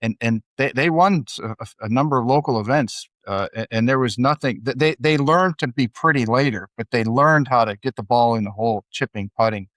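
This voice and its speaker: A man's voice: medium pitch, a little fast, hardly any pauses, a bit bright, dry recording. A man hosting a podcast who talks casually, often stumbling and repeating words as he thinks aloud. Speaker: podcast host.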